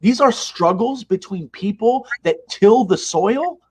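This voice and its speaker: A man's voice: high-pitched, lively intonation, a little slow, a little mellow, breathy edge. A man being interviewed, speaking in an impassioned, emphatic way and retelling events with animation. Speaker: interview guest, mosque leader. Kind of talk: conversational interview.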